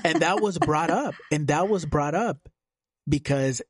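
A man's voice: a little high, unhurried, slightly rough, no room sound, studio quality. A man hosting a casual political chat podcast, talking loosely with fillers and casual swearing. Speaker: podcast host.

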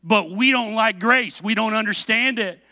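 High-voiced, animated preacher man. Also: normal speed, dry recording. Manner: animated, self-mocking storytelling; asks the congregation questions. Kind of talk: sermon.

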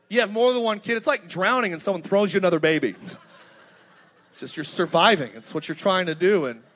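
High-voiced energetic preacher, a man in his thirties. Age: 30s. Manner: energetic, humorous storytelling with rising emphasis. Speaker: pastor. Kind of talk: sermon.

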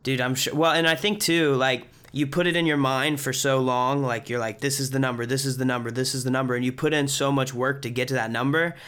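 A man's voice: medium pitch, fairly even intonation, a little fast, few pauses, fairly bright tone, clear, resonant tone. A young man hosting a podcast interview, upbeat and encouraging, calling his guest dude. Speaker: podcast host. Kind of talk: casual interview chat.

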